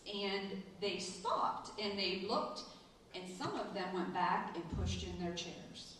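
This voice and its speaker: A middle-aged woman, a school administrator, telling a personal story in a ceremony speech and acting out the quoted lines with lively voices. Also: on the low side, unhurried, a little hiss or hum. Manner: storytelling, animated in quoted asides. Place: large echoey hall. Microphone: distant from the mic. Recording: echoey hall, voice from far off.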